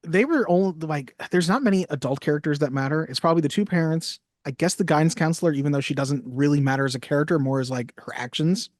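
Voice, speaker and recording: A man's voice: a little high, fast, hardly any pauses, no room sound, studio quality. A man co-hosting a film podcast, chatting casually with a wry, joking manner. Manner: wry, jokey, quotes lines in little voices. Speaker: podcast co-host. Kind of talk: casual chat.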